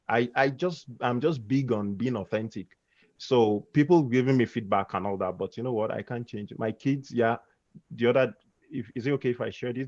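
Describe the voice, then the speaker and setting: A man who is a podcaster talking in a casual video-call chat, telling lively stories and acting out the voices in them. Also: lowish voice, no echo. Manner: animated storyteller, acts out voices. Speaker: podcaster guest. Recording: dull lo-fi video call audio.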